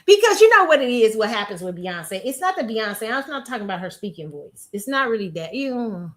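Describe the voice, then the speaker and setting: A sassy woman rants through casual pop culture commentary, laughing often. Her voice sits a touch high. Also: brisk. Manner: laughing, sassy, animated ranting with mocking put-on voices. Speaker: host.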